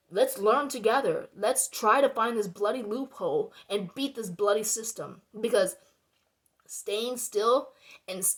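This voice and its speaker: A young woman with a high voice vents to her viewers in a heated monologue. She swears freely and circles back to the same points. She keeps pressing the audience with rhetorical questions. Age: young adult. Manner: heated and indignant, swearing, repeating herself. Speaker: vlogger.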